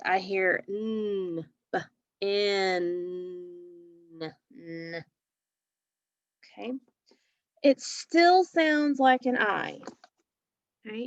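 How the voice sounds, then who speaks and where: A woman's voice: medium pitch, dry recording, lo-fi sound. A woman teaching a phonics lesson to young children, patiently sounding out letters and words.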